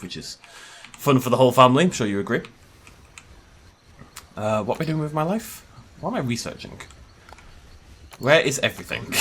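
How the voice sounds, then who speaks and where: A gaming YouTuber gives casual gameplay commentary, chatting, joking and laughing often. His voice is mid-range and a bit bright, with slight background noise.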